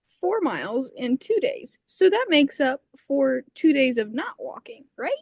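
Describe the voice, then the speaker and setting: A high, swooping wife's voice put on by a man, reasoning her way out of a rule. Her tone has a gravelly edge, and the sound is close and dry. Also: sing-song, measured pace, no room sound, full character voice. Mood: wheedling.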